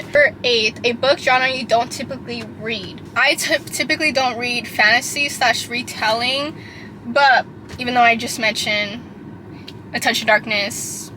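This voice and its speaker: A young woman chatting casually about books for her vlog, gushing and lively, with many fillers and restarts. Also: a little high, slight background noise, low-quality recording. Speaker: book vlogger. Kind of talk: casual chat.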